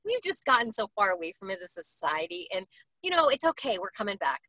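A woman's voice: medium pitch, sing-song, fast, bright, forceful tone, slight background noise, poor audio. A woman hosting a casual interview, gushing and enthusiastic, often tagging her points with "right?". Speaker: interviewer and host.

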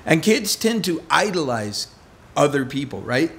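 A man's voice: a little high, big pitch swings, a little slow, fairly bright tone, slight background noise. A middle-aged man preaching a conversational sermon as pastor, telling stories with self-deprecating humor.

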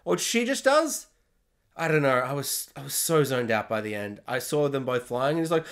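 A man's voice: a little high, big pitch swings, a little fast. A man giving a casual, sarcastic spoken film review, exasperated and acting out scenes in silly voices. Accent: Australian.

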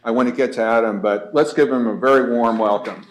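A man introducing the next speaker at a conference, relaxed and anecdotal, pausing often with "uh". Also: mid-range voice, background noise. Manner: relaxed, anecdotal, many "uh" pauses.

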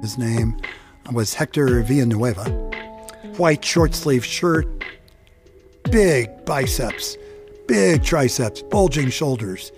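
A man telling a personal story in a reflective, halting way. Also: medium pitch, expressive. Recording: produced podcast with music bed.

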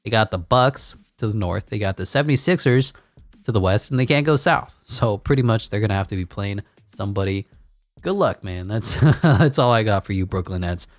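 Deep-ish guy hyping up a basketball sim game like a sportscaster, cracks jokes, dead dry mic. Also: moderate pace, no room sound. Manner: excitable, rising to big shouts on key moments; jokey asides and laughs between calls. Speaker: gaming channel host. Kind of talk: play-by-play commentary over a basketball video game.

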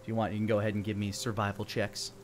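A man narrating a tabletop fantasy game as dungeon master, relaxed, with fillers and restarts. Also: lowish voice, rapid-fire, soft background music.

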